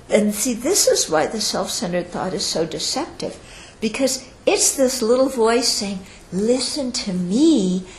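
Her voice on the high side, a woman speaks conversationally to an audience in a dharma talk, regularly checking in with listeners and bringing quoted speech to life through lively changes in her voice. The recording is rough and reverberant, carrying a faint hiss or hum.

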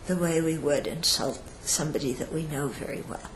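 Unhurried and with hardly any pauses, a woman with a lowish voice delivers a Buddhist teaching to an audience in a chatty style. She frequently checks in with her listeners and performs quoted speech with lively vocal changes. The low-quality recording has reverb and slight background noise.

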